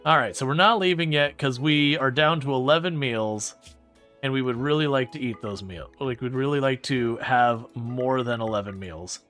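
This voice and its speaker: Rambling, animated male game streamer. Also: medium pitch, moderate pace, soft background music. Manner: rambling, animated, frequent restarts. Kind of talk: casual gameplay commentary answering chat.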